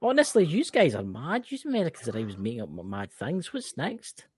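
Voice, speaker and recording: Animated Scottish man co-hosting. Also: a little high, fairly quick, slightly rough, no echo. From Scotland. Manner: animated, exclaiming, many restarts. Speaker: podcast co-host. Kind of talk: casual chat.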